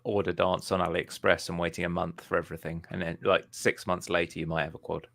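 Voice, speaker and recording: A man's voice: low voice, little pitch movement, fast, vocal fry, a bit bright, no echo. A man co-hosting a casual podcast chat with a dry, sardonic wit. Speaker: podcast co-host.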